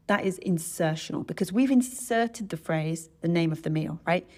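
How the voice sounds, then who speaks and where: Woman, language coach, slightly low voice, conversational, keeps adding "right?". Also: normal speed, few pauses, darkish tone. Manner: chatty, self-correcting, tags sentences with "right?". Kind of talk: solo educational podcast talk.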